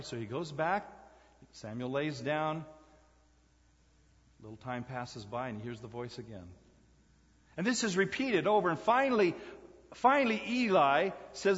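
A male pastor delivers a sermon with emphatic repetition, swinging between loud points and hushed asides. His voice sits a little high for a man. The sound is dull and lo-fi, carried on a long reverb from the church hall. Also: animated, measured pace, long pauses. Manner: emphatic, repeats key phrases, rising and dropping dramatically.

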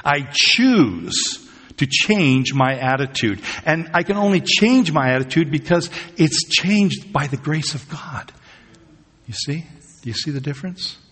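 A man's voice: a little high, animated, unhurried, a bit bright, husky. A man preaching a sermon, telling everyday stories in a chatty way with laughs and asides. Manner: conversational storytelling with laughs and asides. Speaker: pastor. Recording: long hall reverb.

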